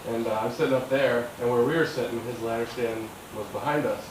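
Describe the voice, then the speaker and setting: A man casually telling the story of his first buck, relaxed and easygoing. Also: medium pitch, fast talker. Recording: echoey, distant, noisy camp recording.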